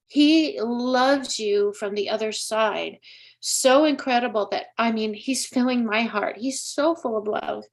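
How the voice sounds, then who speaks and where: A woman hosting a live-streamed psychic reading, speaking earnestly and emotionally straight to a viewer. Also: fairly high pitch. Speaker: psychic medium host.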